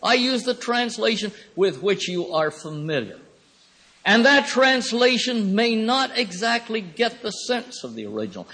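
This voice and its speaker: A man giving a Bible lecture in a thoughtful, rambling way, with pauses and fillers. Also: high voice, very animated, bright, forceful tone. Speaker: Bible teacher. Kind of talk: classroom lecture. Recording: reverberant hall recording.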